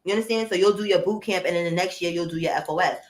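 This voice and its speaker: Loud animated woman storyteller. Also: lowish voice, very fast, reverberant, low-quality recording. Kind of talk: casual live-stream chat.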